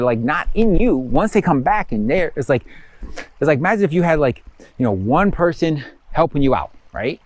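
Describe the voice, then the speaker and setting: A man's voice: fairly high pitch, big pitch swings, moderate pace, a little mellow. A man teaching a spiritual course in a casual, rambling way, acting out inner thoughts in quotes with lots of fillers. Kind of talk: casual spoken lesson.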